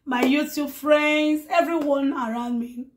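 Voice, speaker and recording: Hoarse woman vlogger, gushing and affectionate with viewers, unhurried delivery. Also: sits high, fairly even intonation, slight background noise. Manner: effusive, affectionate, blessing her viewers; repeats words in threes. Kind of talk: casual talk to followers.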